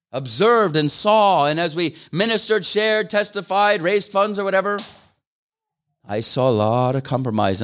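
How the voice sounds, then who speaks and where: An older man preaching with earnest fervor. His voice sits on the higher side for a man, and he climbs in pitch as he fires off pleading questions. The delivery stays that of a heartfelt sermon throughout. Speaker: guest preacher.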